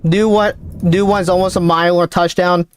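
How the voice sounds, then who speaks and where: A man streaming a game live, calling out readings with excited running commentary, his voice cracking. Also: high-pitched, clean tone. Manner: excited, calls out numbers rapidly. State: voice cracking, thirsty. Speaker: gaming streamer.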